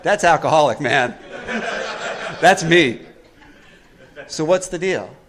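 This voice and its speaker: A man giving a recovery workshop talk, asking his listeners questions and answering them himself, acting out quotes with big swings in pitch and loudness. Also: slow pace, a crowd in the background. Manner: preachy, asks the room questions and answers them; acts out quotes with animated swings in pitch and volume. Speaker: workshop speaker.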